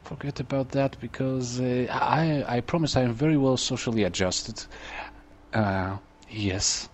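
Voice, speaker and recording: A man's voice: mid-range voice, measured pace. A man hosting a let's play, chatty, joking and self-deprecating, talking back to the game's characters. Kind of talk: casual game commentary.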